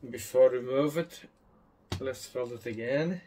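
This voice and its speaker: A man's voice: medium pitch, measured pace, dark tone, slight background noise. A man hosting a casual home cooking video, talking enthusiastically and often adding a questioning "eh?". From Madeira, Portugal. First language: Portuguese. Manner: enthusiastic, repeats tag question "eh?".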